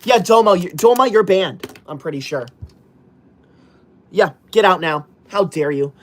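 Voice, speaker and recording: A man livestreaming in a strict teacher persona, reading viewer comments out loud in a loud, indignant and bossy way. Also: sits high, lively intonation, measured pace.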